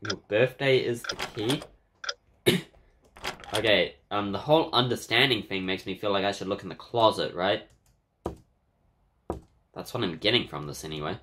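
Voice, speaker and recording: A man's voice: lowish voice, moderate pace, long pauses, background noise. Wry man narrating a game playthrough. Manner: casual, wry, coughs now and then. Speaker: game player. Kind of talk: let's play commentary.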